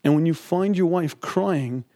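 A middle-aged man gives an emphatic Talmud lesson, his voice a touch higher than most men's but mellow and warm. He is recorded close and dry, with no room sound. He drops into quoted voices to make his points. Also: unhurried, dry recording. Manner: emphatic, acts out quoted speech. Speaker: Talmud teacher. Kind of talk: lecture on Talmud and marriage.

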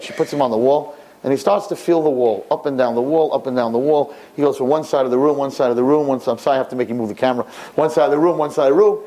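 A man telling a story aloud in an animated, repetitive, expressive way. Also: fast. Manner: repetitive, expressive, rising pitch at high points.

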